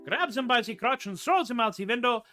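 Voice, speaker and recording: A man's voice: very high voice, lively intonation, a little fast, voice pushed up. A man voicing a jolly, boastful Bavarian tavern singer with a put-on German accent, singing a comic folk song over guitar. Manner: theatrical, sing-song storytelling. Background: guitar accompaniment.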